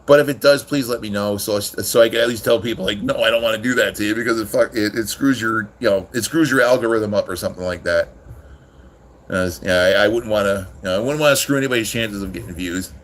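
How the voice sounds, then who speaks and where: A man's voice: lowish voice, fast talker, a little hiss or hum. A man hosting a casual livestream, rambling with many restarts and swearing freely as he talks to his chat. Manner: rambling, profane, irritated with chat. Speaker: livestream host.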